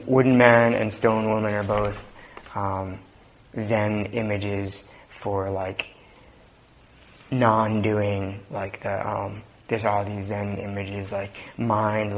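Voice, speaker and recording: A man with a low voice speaks slowly through a Zen dharma talk. He is relaxed and halting, often pausing on fillers. The recording is dull and lo-fi, with a faint hiss. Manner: relaxed, halting, with frequent fillers and soft laughs. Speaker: Zen teacher.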